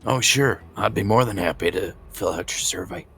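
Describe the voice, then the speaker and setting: A blunt, stubborn adventurer, as a man plays him, with a very deep, gravelly voice. His delivery is dry and deadpan, with a sharp, forward edge. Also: normal speed, soft background music, full character voice. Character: Quinn, a blunt, wry young adventurer man.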